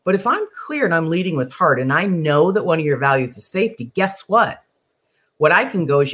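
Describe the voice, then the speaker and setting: A woman leadership coach talking in a podcast conversation, animated and acting out the people she quotes. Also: lowish voice, a little fast, breathy edge. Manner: animated, acts out quoted voices.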